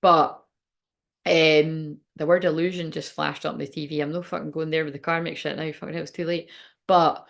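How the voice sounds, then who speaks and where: A woman's voice: low-pitched, level tone, normal speed, creaky. A woman hosting a spiritual channel, chatting casually on a livestream, rambling, swearing freely and breaking off mid-thought.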